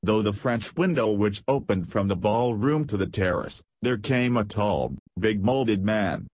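A man narrating an audiobook in a steady, measured reading. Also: lowish voice, dry recording.

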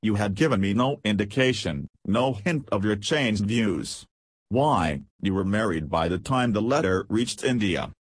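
A man's voice: fairly low pitch, animated, measured pace, breathy edge, dry recording. A man reading a grave young army officer. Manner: grave, sober. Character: stern, fair-minded young army officer.

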